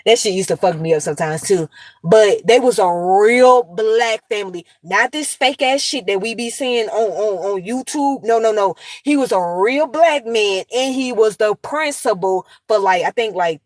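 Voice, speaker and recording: A woman's voice: medium pitch, moderate pace, no room sound. A mother of two in her thirties talks straight at her viewers in a loose, blunt commentary rant, swearing freely and telling stories with plenty of life. Her voice sits in a middle range for a woman, and the recording is dry and close, with no room sound. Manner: blunt, heavy cursing, animated storytelling.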